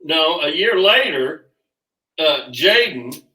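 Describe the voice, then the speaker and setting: A man's voice: on the high side, very animated, bright, forceful tone. Older man spinning a folksy yarn. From Kansas. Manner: unhurried, folksy, with filler uhs. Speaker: guest, rodeo father. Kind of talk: casual storytelling. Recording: roomy sound from a distant mic.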